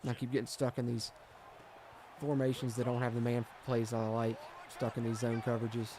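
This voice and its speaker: A man's voice: medium pitch, little pitch movement, brisk, crowd noise. A man chatting through a football video game stream, swinging between frustration and hype as he reads viewer comments. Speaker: gaming streamer. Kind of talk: live gameplay commentary and chat.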